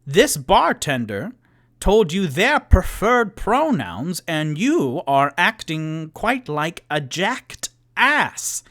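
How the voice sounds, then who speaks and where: A man's voice: a little high, very animated, slow, a bit bright, pitched above the performer's own voice, exaggerated voice. A man voicing a seven-foot, stiffly polite male adventurer who speaks up formally and firmly. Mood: prim.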